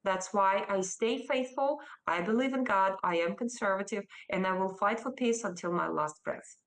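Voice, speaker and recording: A woman's voice: medium pitch, low-quality recording. Defiant Russian-accented woman. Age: 30s. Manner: emphatic, defiant, with halting restarts. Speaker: interviewee, politician. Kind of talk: remote news interview.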